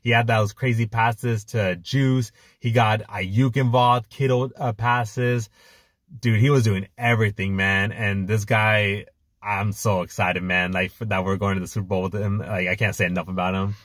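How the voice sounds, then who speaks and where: A man co-hosting a fan podcast, talking in an excited, rambling way with lots of filler words. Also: fairly low pitch, moderate pace, dry recording, studio quality. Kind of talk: casual chat.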